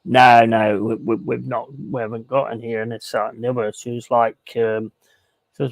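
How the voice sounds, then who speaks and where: A man with a gravelly edge, pitched in the middle for a man. He tells crude stories in a blunt, casual way, swearing and laughing as he goes. The sound is close and dry. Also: flat delivery, moderate pace, no echo. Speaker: streamer. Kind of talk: casual sweary storytelling while gaming.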